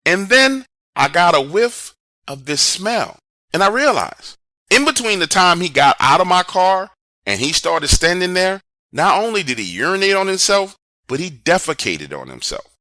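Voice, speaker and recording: A man telling his own true scary story in a dramatic, animated way. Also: no room sound. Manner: animated, dramatic storytelling with big swings in pitch and volume. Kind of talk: first-person true horror story.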